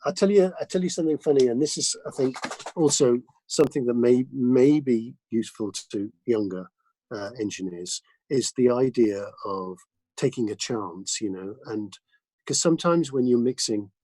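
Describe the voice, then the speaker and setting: A man, a mixing engineer, telling studio anecdotes as a guest in a casual interview, lively and full of restarts. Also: medium pitch, normal speed, dry recording, rough recording. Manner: animated anecdotes with many restarts and fillers.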